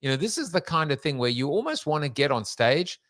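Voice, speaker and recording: A man's voice: a little high, sing-song, a little fast, a bit bright, dry recording. A man hosting a podcast interview, chatty and playful, with frequent ums. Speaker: podcast host.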